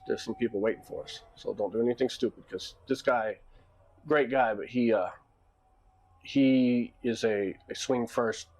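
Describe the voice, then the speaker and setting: A man's voice: mid-range voice, a little hiss or hum. A man who runs a club, telling a story casually in a loose, rambling monologue full of restarts and quoted dialogue. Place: Japan.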